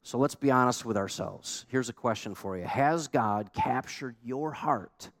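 A man's voice: mid-range voice, a little slow, hardly any pauses. A man preaching a sermon as pastor, emphatic and conversational, with many rhetorical questions to the congregation.

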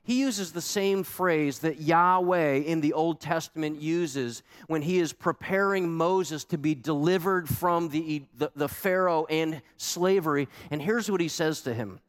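A man preaching a sermon as a pastor, animated and emphatic, asking the congregation pointed questions. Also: on the high side, a little slow, few pauses, clear, resonant tone. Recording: long hall reverb.

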